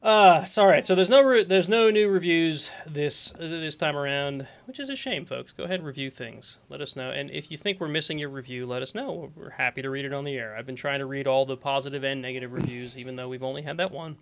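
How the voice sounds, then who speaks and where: A middle-aged man hosts a casual live-streamed show from a desk mic, talking in a slightly high voice. He rambles and interrupts himself mid-sentence, then laughs at his own tangents before getting back on track. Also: brisk, few pauses, smooth. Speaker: podcast host.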